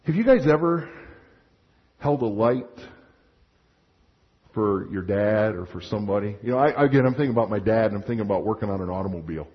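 A male pastor preaching a sermon in an animated way, acting out little scenes and restarting his sentences. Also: on the low side, fairly quick, long pauses. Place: church sanctuary. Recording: muffled sound with long hall reverb.

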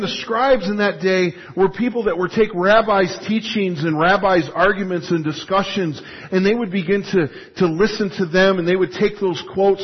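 A pastor preaching a sermon in an animated, emphatic, conversational way with frequent restarts. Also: male voice, high voice, slightly rough. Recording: dull lo-fi recording.

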